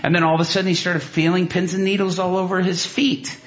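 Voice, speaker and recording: A man preaching and telling a story, animated, with many restarts and asides, jumping into loud, high bursts when he acts out what people said. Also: quick pace. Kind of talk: sermon storytelling. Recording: dull lo-fi sound.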